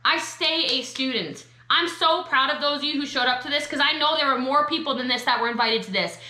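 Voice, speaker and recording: A woman's voice: high voice, bright, forceful tone, roomy sound. A woman giving a sassy, emphatic motivational training talk to network marketers. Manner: sassy, emphatic, quick asides.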